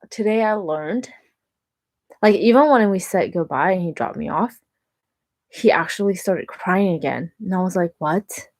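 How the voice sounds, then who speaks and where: A young woman talking through her dating life in a chatty, animated vlog, with lots of "like" fillers. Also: mid-range voice, no echo. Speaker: vlogger. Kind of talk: casual vlog monologue.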